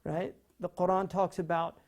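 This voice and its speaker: A man giving an animated, conversational lecture on poetry, full of rhetorical questions and "right?". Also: high-pitched, normal speed.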